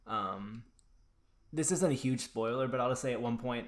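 A man co-hosts a podcast, chatting casually and enthusiastically about horror movies and often restarting his sentences. His voice is mid-range and his pace moderate.

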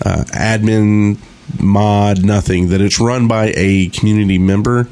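A man co-hosting a casual gaming podcast, speaking haltingly with many fillers. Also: on the low side, steady tone, warm tone. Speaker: podcast co-host.

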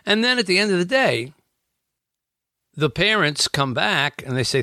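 A man's voice: a little high, big pitch swings, normal speed, bright, forceful tone, no echo, studio quality. A man talking as an author about his book, in an earnest, reflective conversation that he fills with everyday examples.

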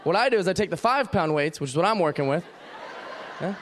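A man's voice: high-pitched, animated, fast. A man doing an observational stand-up comedy set, chatty and full of asides. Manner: chatty, observational, acting out gym-goers.

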